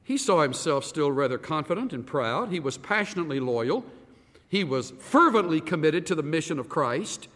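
Animated male preacher in an echoey hall. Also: fairly high pitch, normal speed. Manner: animated, rhetorical questions to the congregation. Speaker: pastor. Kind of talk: sermon. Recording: reverberant hall.

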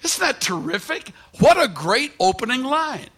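A man preaching a sermon, telling stories in lively fashion and acting out the people he quotes. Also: extremely high pitch, moderate pace, hardly any pauses, breathy edge. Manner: animated storytelling with quoted voices and restarts; preaches from a scripture passage. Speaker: pastor.

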